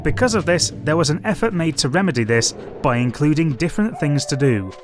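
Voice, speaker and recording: A man's voice: fairly high pitch, lively intonation, fairly quick. Dry man narrating a review. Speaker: game reviewer. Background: faint background music.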